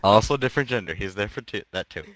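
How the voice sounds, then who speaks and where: A man's voice: fairly low pitch, lively intonation, quick pace, fairly bright tone, poor audio. Dry-joking male co-host. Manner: dry short joking remarks. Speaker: podcast co-host. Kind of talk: casual chat.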